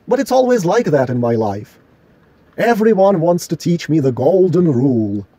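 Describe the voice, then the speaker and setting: A man with a somewhat high but mellow, husky voice rants on his own, cursing often and arguing every point with indignation. The sound is close and dry. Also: very animated, normal speed, no echo. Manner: profane, indignant, argumentative. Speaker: vlogger. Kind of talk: solo rant monologue.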